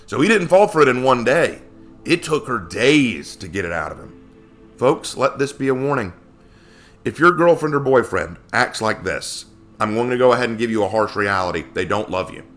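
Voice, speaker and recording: A man's voice: mid-range voice, big pitch swings, moderate pace, a bit bright, soft background music. A man giving a casual Bible lesson, talking conversationally and asking many rhetorical questions. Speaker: Bible teacher.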